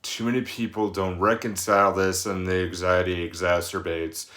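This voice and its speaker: A man's voice: sits low, little pitch movement, moderate pace, a bit bright, echoey room. A man in his thirties, a personal trainer, giving casual advice in a rambling way with many fillers and restarts. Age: 30s.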